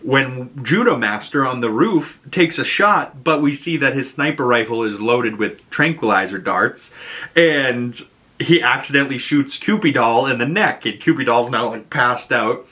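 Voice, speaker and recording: A man's voice: mid-range voice, animated, unhurried, bright, forceful tone. A man recapping a TV episode in a chatty, casual way, filling his talk with "you know" and "like". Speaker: video reviewer.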